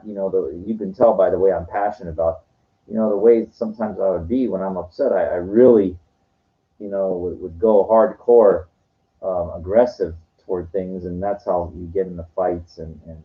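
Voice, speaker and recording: A man telling rambling stories in a casual monologue, swearing now and then. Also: sits low. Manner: rambling, profane storytelling. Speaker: vlogger. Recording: dull lo-fi recording.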